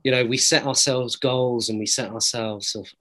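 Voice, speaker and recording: A man's voice: mid-range voice, steady tone, normal speed, sharp tone, low-quality recording. A man, an actor being interviewed, giving earnest, reflective answers full of hesitations and restarts. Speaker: actor interviewed about a series.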